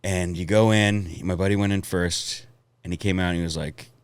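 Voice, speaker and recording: A man with a low voice tells long, rambling stories, swearing freely along the way. He speaks in casual podcast chat. The sound is dry and close to the mic. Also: steady tone, normal speed, smooth, no echo. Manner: rambling storytelling, laughs often, swears. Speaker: comedian guest.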